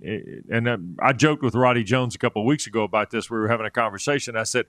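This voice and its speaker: A man's voice: medium pitch, a bit bright, no echo, clean studio sound. A man co-hosting a sports radio show, making emphatic football arguments. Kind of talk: sports talk commentary.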